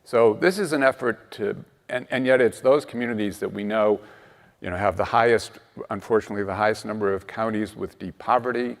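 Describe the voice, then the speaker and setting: A man with a low voice speaks as a panelist, laying out his points in a measured, candid way. A long reverb trails his words through a large hall. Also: vocal fry. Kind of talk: panel discussion.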